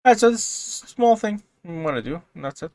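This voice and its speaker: Excitable man explaining code, swearing. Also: sits high, a little fast, no echo. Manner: swings from calm explaining to loud excited outbursts, swears often. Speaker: programming tutorial host. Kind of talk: casual screen-recorded coding tutorial.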